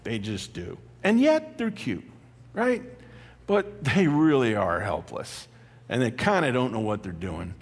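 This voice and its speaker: Animated male pastor in echoey hall. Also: medium pitch, unhurried, slightly rough. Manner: animated, conversational preaching with laughs and asides. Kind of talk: sermon. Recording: long hall reverb.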